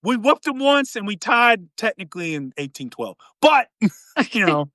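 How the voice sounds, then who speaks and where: A man's voice: high-pitched, very animated, unhurried, sharp tone, dry recording. A man hosting a podcast, joking and rambling in casual chat, full of "you know" asides. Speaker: podcast host.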